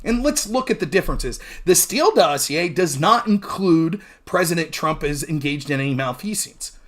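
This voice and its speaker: A political talk show host, male, delivers a heated monologue recapping a debate in a fairly high voice at normal speed. He's animated and argumentative, mimicking opponents mid-sentence, profane and emphatic.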